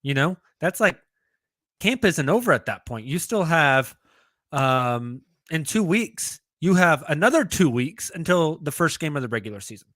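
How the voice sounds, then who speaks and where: A man co-hosting a sports podcast in casual chat, thinking out loud as he goes. His voice is bright and forward. The sound is close and dry. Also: fairly high pitch, big pitch swings, normal speed, dry recording. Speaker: podcast co-host.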